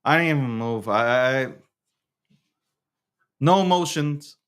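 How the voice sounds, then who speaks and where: A man's voice: mid-range voice, lively intonation, slow pace, a bit bright, clear, resonant tone. A man hosting his own show, talking in a casual, slangy monologue with lots of stammered restarts. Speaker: show host.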